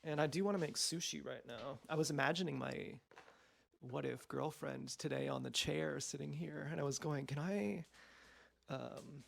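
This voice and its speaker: A man's voice: fairly high pitch, steady tone, moderate pace, vocal fry. A man vlogging in a meandering, stream-of-consciousness monologue, full of fillers and casual swearing. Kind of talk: rambling personal monologue.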